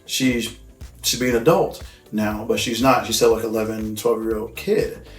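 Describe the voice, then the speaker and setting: A man's voice: lowish voice, flat delivery, moderate pace. A man hosting a casual movie recap, talking in a loose, rambling way, with lots of filler words and swearing. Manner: loose, rambling and profane, full of "like" and "you know what I mean". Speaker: host. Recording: echoey room with faint music.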